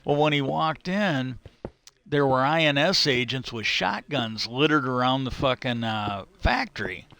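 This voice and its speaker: A man's voice: medium pitch, expressive, a little slow, gravelly, bright, forceful tone, a little hiss or hum. A middle-aged man streaming and telling a casual work story, swearing freely and chuckling as he restarts his sentences. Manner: profane, chuckles mid-sentence, restarts often. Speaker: livestreamer. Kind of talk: casual storytelling while gaming.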